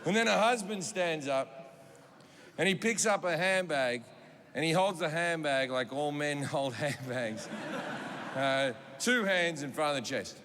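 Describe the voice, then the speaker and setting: A man's voice: on the high side, measured pace. A man in his forties doing stand-up comedy, telling a profane story with punchy delivery on a big stage. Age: 40s. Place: stage in a large venue. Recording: reverberant hall with audience noise.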